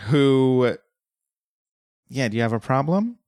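A man's voice: mid-range voice, animated, slow, a little mellow. A man from Colorado co-hosting a casual show recap, full of fillers and restarts, self-deprecating. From Colorado, USA. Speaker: podcast co-host. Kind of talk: casual episode recap chat.

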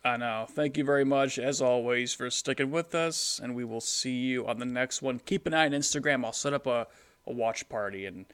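A man's voice: medium pitch, normal speed, fairly bright tone, clear, resonant tone. A man co-hosting a podcast, chatting casually, rambling with lots of fillers and casual swearing. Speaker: podcast co-host. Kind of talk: casual chat.

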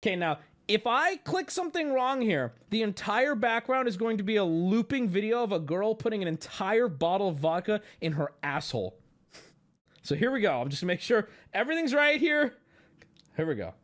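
A man in his thirties hosting a livestream, rambling and excitable, swearing freely and breaking into sudden shouts and laughs. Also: high voice, normal speed. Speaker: livestream host. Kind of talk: casual stream chat.

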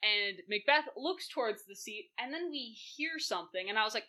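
A young woman co-hosting a casual film chat, animated and acting out lines in quick impressions. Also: mid-range voice. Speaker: podcast co-host.

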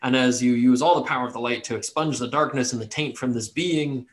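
A man narrating a tabletop game as game master, relaxed and joking. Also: mid-range voice, fairly quick, few pauses.

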